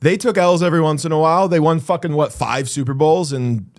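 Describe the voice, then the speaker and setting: A man's voice: on the high side, a little fast. Laid-back rambling man co-hosting a podcast. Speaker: podcast co-host. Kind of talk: casual chat.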